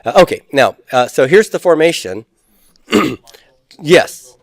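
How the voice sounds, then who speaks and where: A man's voice: on the high side, big pitch swings, takes it slowly, creaky, no room sound, studio quality. A man teaching a Greek grammar lesson, chatty and teasing, drilling word forms aloud. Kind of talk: recorded classroom lecture.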